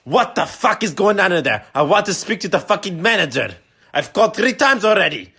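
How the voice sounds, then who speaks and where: Furious profane middle-aged dad, shouting and sarcastic, pitched way up as a man acts him out. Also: very animated, a little fast, slightly rough, exaggerated voice.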